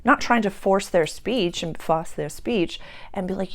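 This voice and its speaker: A woman's voice: mid-range voice, normal speed. A woman hosting her own spiritual channel, talking casually and chattily about personal growth. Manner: chatty, animated, acts out quoted voices. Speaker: spiritual coach and channel host.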